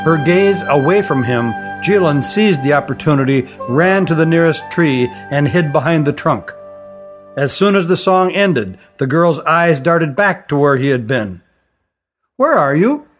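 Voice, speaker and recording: A man narrating an audiobook in a steady, deliberate storytelling style. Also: a little high, music in the background.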